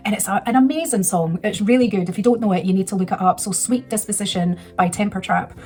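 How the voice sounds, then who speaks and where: A woman's voice: medium pitch, fast, darkish tone. A woman in her thirties telling a rambling, emotional personal story in a casual vlog. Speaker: vlogger.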